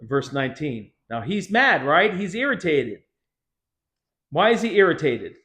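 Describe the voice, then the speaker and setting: Lively, joking man pastor. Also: a little high, a little slow. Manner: jokey, conversational, sarcastic asides. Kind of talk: casual Bible study teaching.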